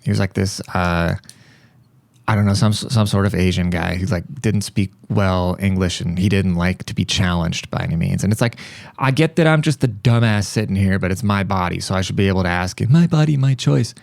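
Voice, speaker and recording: A young man hosting a podcast, telling a story in a rambling, profane, animated way. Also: low voice, a little fast, vocal fry, no echo, studio quality. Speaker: podcast host. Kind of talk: casual monologue.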